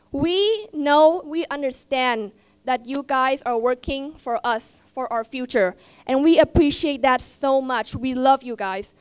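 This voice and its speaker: A teenage girl with a Vietnamese accent giving a heartfelt, halting speech at a school event, often repeating herself as she searches for words. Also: sits high, no echo. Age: teens. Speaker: student speaker. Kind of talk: emotional personal speech.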